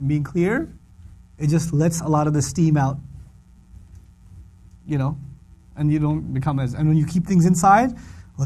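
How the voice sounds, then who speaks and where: Animated high-voiced man lecturing. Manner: animated, acts out quoted voices, repeats for emphasis. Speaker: Quran teacher. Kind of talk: humorous religious lecture.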